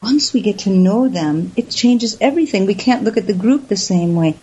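A woman in an interview tells her stories with animation and acts out the people she quotes. Her voice sits at a middle pitch for a woman. The recording is a little dull and lo-fi. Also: animated, normal speed, dark tone, slightly rough. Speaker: guest. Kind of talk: storytelling in an interview. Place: lives in the Southwest US. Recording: slightly dull lo-fi audio.

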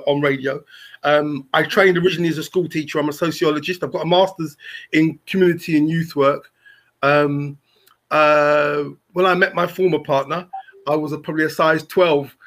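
A man, a comedian and broadcaster chatting as a podcast guest, joking and animated, with shouts when he tells a story. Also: on the high side. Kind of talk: casual podcast chat.

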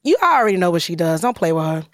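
A woman's voice: lowish voice, sing-song, a little fast, no echo, clean studio sound. A woman hosting a casual interview podcast, who sounds upbeat and encouraging and laughs easily. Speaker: podcast host.

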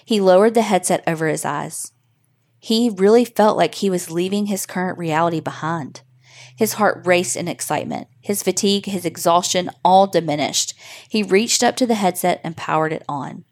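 A woman hosting a podcast, reading a listener's horror story in steady, measured narration. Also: lowish voice.

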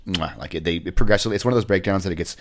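A man's voice: sits low, racing. A man co-hosting a podcast, chatting casually and ramblingly about a band's record, with many restarts. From rural California. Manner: rambling, frequent restarts and laughter. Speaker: podcast co-host. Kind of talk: casual music review chat.

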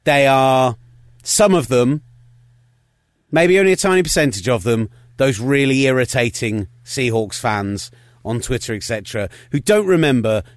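A man co-hosting a podcast talks sports in a casual, opinionated, rapid-fire and wry way. His medium-pitched voice is animated, and the studio-quality recording has no room sound.

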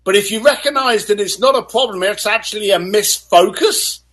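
A man's voice: sits high, normal speed. A man speaking as a guest in an interview, telling motivational stories energetically and acting out other people's lines. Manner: animated storyteller, acts out voices. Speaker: guest author.

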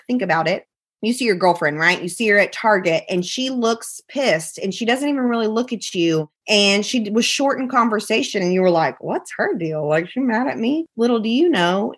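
A woman podcast guest giving candid, emphatic advice and acting out what her friends said. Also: medium pitch. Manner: emphatic, repeats phrases, acts out friends' voices.

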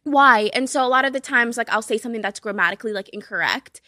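A young woman from Cape Verde, a native Portuguese speaker, chatting animatedly in a studio. Her voice sits a little high and sounds bright and forward. The room is dry and close to the mic. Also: fast talker, dry recording. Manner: animated, swearing, laughs often. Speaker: guest. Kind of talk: casual chat.

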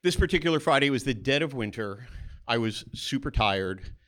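This storyteller, a pediatric oncologist, recounts a first-person tale on stage at a moderate pace and medium pitch. He talks casually, restarting here and there, and brings the people in his story to life by acting out their voices.

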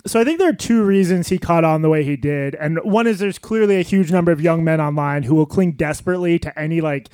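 A man with a fairly high voice co-hosts a live podcast, reading quotes aloud in a dry, wry tone. His voice sits close and dry, with no room echo on it. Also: fast, hardly any pauses, darkish tone, clear, resonant tone. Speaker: podcast co-host. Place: live venue stage.

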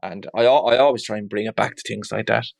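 A man's voice: on the low side, steady tone, fast, vocal fry. Man, father, interview guest, candid, reflective, conversational. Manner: reflective, open, frequent "you know" asides. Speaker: father of two.

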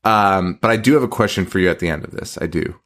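A man's voice: deep voice, quick pace, a bit bright. A man co-hosting a horror podcast in casual chat, loose and profane, leaning on "like" and "um" as he retells behind-the-scenes stories. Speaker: podcast co-host.

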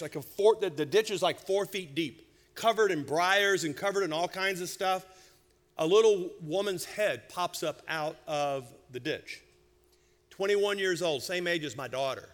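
A middle-aged man preaching a sermon, telling a humorous family story with lively, animated delivery. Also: high voice. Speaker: senior pastor. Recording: church hall reverb.

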